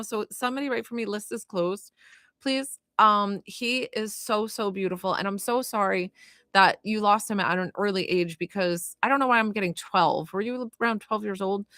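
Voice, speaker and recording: A woman's voice: medium pitch, dry recording. Chatty woman medium, dry sound. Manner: chatty, filler-heavy, many "like" and "you know"; gentle and consoling while relaying messages. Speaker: psychic medium. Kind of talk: live spirit reading for viewers.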